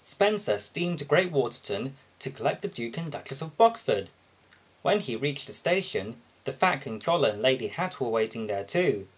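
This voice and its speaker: Man, children's storybook narration, sing-song, very lively pitch, husky. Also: normal speed, rough recording. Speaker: storybook reader. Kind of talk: children's storybook read-aloud.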